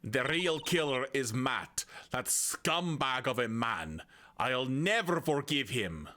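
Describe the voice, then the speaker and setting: A man voicing a cornered young female witness in a game, using a rough put-on Russian accent and speaking in a halting, hesitant way. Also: medium pitch, lively intonation, bright, forceful tone, a little hiss or hum. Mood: bitter.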